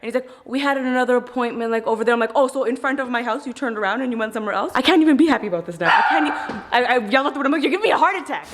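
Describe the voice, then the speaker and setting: Fast-talking exasperated woman vlogger. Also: fairly high pitch. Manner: exasperated, ranting, quick and animated. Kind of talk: casual vlog talk to camera.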